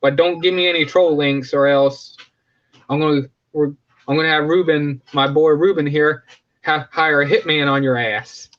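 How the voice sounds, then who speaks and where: A man chats loosely on his live stream, often stopping to correct himself and crack jokes. His voice sits a bit high. The audio is dull and lo-fi. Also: fairly even intonation, moderate pace, fairly bright tone. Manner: rambling, self-correcting, joking. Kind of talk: casual live stream chat.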